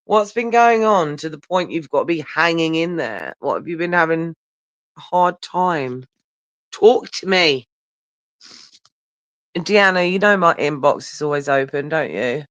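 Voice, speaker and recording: A man's voice: on the high side, expressive, measured pace, fairly bright tone, dry recording. Tired, sweary man on a phone livestream. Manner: rambling, sweary, talks straight to viewers. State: tired and yawning. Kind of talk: casual live chat with viewers. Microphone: phone held very close. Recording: dull, lo-fi, dry phone audio.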